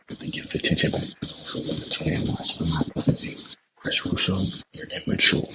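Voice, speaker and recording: A man's voice: low voice, lively intonation, quick pace, heavy background noise. A young man hosting a podcast, delivering a heated sports rant that repeats itself and turns to swearing. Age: young adult. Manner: heated, repetitive, swears when upset. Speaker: podcast host. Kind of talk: ranting sports commentary.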